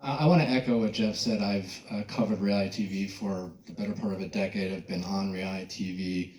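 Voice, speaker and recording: A man's voice: sits low, steady tone, a little fast, a little mellow. A man moderating a panel discussion, enthusiastic about the show as he asks his questions. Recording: echoey hall with faint noise.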